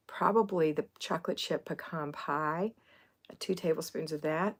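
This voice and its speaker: A middle-aged woman from Florida hosting a homemaking livestream, chatting casually and rambling as she answers viewers' comments. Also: deep voice. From Florida, USA.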